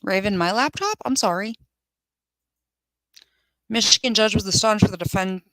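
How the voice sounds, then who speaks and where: A woman's voice: medium pitch, bright, forceful tone, no echo, low-quality recording. A woman hosting a live firearms channel, giving casual commentary in a blunt, sarcastic way, swearing freely and answering viewers' comments. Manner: chatty, reads viewer comments aloud.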